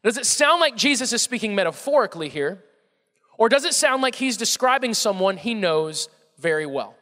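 A man's voice: sits high, sing-song, normal speed, a bit bright, long reverb tail. A male pastor with a Southern American accent preaching a conversational sermon, often repeating words and putting questions to the congregation.

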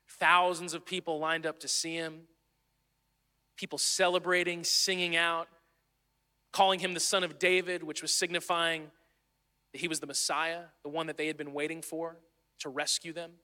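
A man's voice: on the high side, little pitch movement, normal speed, bright, forceful tone. A man preaching a sermon in an earnest, conversational way, sometimes restarting his phrases. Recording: long hall reverb.

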